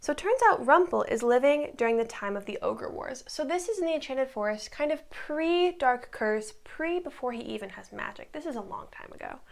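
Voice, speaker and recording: Young woman with a gravelly voice. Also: high-pitched, expressive, a little fast, hardly any pauses. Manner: rambling, lots of likes and ums. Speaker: recap vlogger. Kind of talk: casual chatty recap.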